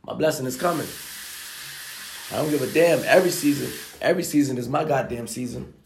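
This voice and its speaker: Gravelly man ranting in an echoey room. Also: medium pitch, fairly quick, a little hiss or hum. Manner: profane, preachy, emphatic. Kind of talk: motivational rant.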